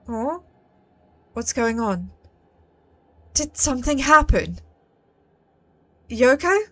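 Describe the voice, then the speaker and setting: A woman streaming a mystery game, talking to herself and her viewers, jumpy and quick to swear when startled. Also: on the high side, expressive, pushed and bright. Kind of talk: live game commentary.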